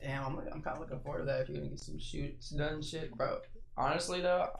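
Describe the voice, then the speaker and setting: A man's voice: on the high side, steady tone, fast talker, vocal fry, noisy background. Laid-back swearing podcast host, a man. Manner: laid-back, swears often, rambling with many "like"s. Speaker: restaurant server. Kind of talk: casual chat.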